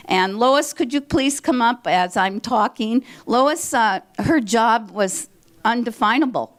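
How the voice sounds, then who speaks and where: An older woman from Minnesota, a theater director, chatting through a rambling curtain speech to a live audience from the stage. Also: medium pitch. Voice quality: chatty, rambling, with fillers and restarts. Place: stage in a country club hall.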